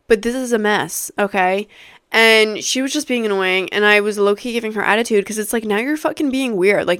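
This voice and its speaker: A woman in her twenties hosting a podcast, telling a story in a casual, animated way, swearing freely and using many fillers. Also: fairly high pitch, no echo, studio quality. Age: 20s. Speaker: podcast host.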